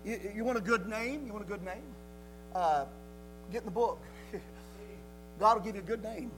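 Preacher, man, high voice, repeats key phrases with rising fervor, light hum behind. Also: moderate pace, a bit bright, low-quality recording. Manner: reads scripture aloud in old-fashioned wording. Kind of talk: sermon.

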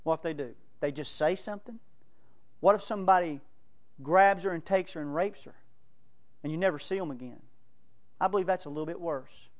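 A man's voice: a little high, a little fast, long pauses. A man preaching a sermon, telling folksy stories and laughing between them. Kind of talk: sermon with storytelling.

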